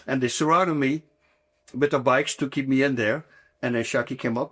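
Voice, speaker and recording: A man in his sixties from the Netherlands with a Dutch accent, telling stories as a guest in a casual interview, emphatic and animated, with non-native phrasing. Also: mid-range voice, moderate pace, slightly rough. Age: 60s. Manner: animated, emphatic storyteller with broken English phrasing.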